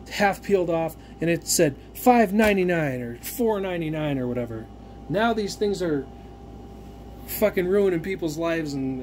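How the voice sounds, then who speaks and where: A man's voice: on the high side, darkish tone, slight background noise. A man giving a casual, profanity-laced vlog rant with rambling restarts and fillers, like someone telling a story about a frustrating purchase. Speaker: gun vlogger.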